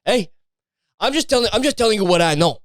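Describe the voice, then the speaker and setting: A grandiose Italian man with a thick put-on accent, bragging and waving off doubters, his voice lifted a little higher than usual, as a man puts him on. The sound is smooth and dry, close to the mic. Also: lively intonation, fast talker, no echo. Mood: boastful. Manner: insistent and grandiose, brushes off doubt. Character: boastful Italian man bragging about his family's cooking.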